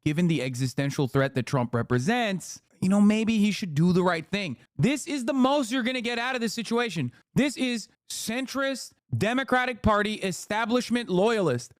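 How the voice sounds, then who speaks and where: A man's voice: sits high, expressive, normal speed, hardly any pauses, no room sound, clean studio sound. A man giving heated, profane political commentary while reacting on a live stream. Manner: heated, profane, emphatic ranting.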